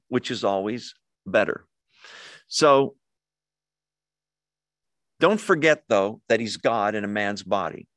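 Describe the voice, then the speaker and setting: A man's voice: a little high, fairly bright tone, no echo, clean studio sound. A man preaching to a congregation in a conversational way, often asking the room questions. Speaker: pastor. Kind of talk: sermon. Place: church hall with a live congregation.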